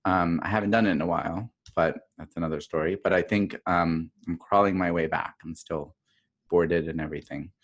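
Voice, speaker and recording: A man's voice: low voice, steady tone, fairly quick. A middle-aged man who works as a pediatrician and public health dean. He gives a chatty conference talk over a video call, telling stories with plenty of fillers and restarts. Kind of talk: casual virtual conference talk. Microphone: video call microphone.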